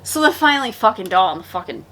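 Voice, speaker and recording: A woman's voice: mid-range voice, big pitch swings, fast, pushed and bright, slight background noise. A tipsy woman co-hosting a casual movie review, retelling the plot in a rambling, profane way. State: tipsy from drinking.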